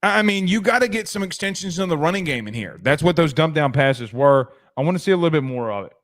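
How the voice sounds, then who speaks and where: Man, sports host, high voice, rambling, jokey asides. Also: expressive, fast, fairly bright tone. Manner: rambling, joking, trails off into asides. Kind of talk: casual sports commentary.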